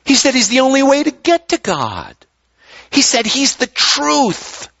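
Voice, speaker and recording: A man's voice: very high voice, huge pitch swings, unhurried, creaky, pushed and bright, lo-fi sound. A man preaching a sermon in a conversational way, often repeating words as he starts a thought. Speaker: pastor.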